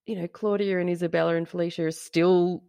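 A woman co-hosting a casual podcast, telling a story with gleeful, animated energy and the odd swear. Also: fairly low pitch, quick pace, vocal fry, clear, resonant tone, no echo, clean studio sound. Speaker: podcast co-host. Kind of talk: casual chat.

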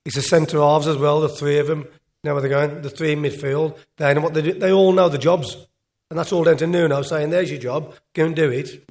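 A man's voice: on the high side, steady tone, brisk, darkish tone. A man, a former footballer, telling a rambling after-dinner story on stage with lots of repeats. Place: live event on stage.

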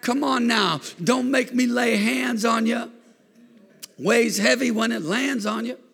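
A male pastor preaching fervently, his high, bright voice rising to shouts as he calls on the congregation to respond. The tone is gravelly and a little husky. His words ring out with a long reverb through the church sanctuary. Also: unhurried. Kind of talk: sermon.

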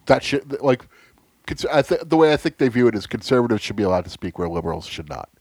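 A young man co-hosting a casual podcast chat, ranting sarcastically with lots of swearing and sudden loud outbursts. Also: mid-range voice, big pitch swings, fast talker, no echo. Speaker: podcast co-host.

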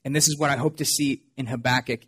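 A man preaching a sermon to his church as pastor, earnest and expressive. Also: mid-range voice, fast, breathy edge. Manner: earnest, expressive preaching with dramatic quoted voices.

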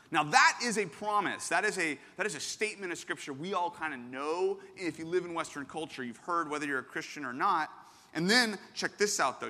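A man's voice: a little high, bright, forceful tone. A man preaching a sermon as pastor, conversational and self-interrupting, with sudden bursts of emphasis. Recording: long hall reverb.

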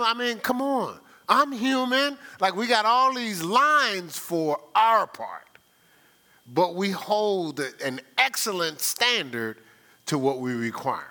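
A man's voice: fairly high pitch, bright, forceful tone. A male pastor preaching a sermon, playful and teasing with his congregation.

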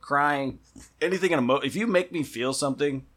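A man chatting casually on a podcast, telling animated stories and swearing freely. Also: fairly high pitch, a little fast.

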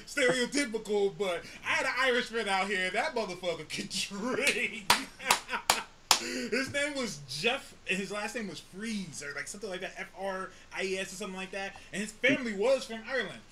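High, lively man laughing a lot. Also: moderate pace, noisy background. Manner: laughs often, swears, animated. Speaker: podcast co-host. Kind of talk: casual chat.

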